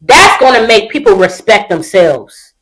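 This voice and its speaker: A woman's voice: medium pitch, big pitch swings, a little slow, fairly bright tone, poor audio. A woman co-hosting a casual podcast, blunt and profane, acting out quotes as she talks. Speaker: podcast co-host. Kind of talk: casual chat.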